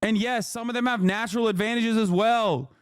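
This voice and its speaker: Profane ranting streamer man, high voice. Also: a little fast, smooth, no echo, studio quality. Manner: profane, shouting, mocking. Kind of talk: heated reaction rant.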